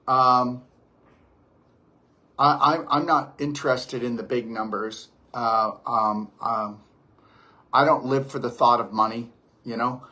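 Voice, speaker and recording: A husky-voiced man preaches to the camera about detox and healing. He is emphatic and insistent and keeps returning to the same stock phrases. He is recorded at his home near a beach. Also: medium pitch, steady tone, slow, long pauses, sharp tone. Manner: emphatic and preachy, repeats "the reality is". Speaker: detox practitioner. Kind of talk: impassioned monologue to camera.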